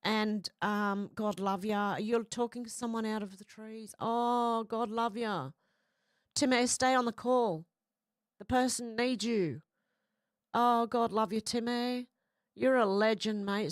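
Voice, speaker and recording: A woman's voice: fairly high pitch, dry recording, clean studio sound. A woman who has a cold and a runny nose, chatting casually on a livestream and reading out viewer comments with frequent apologies.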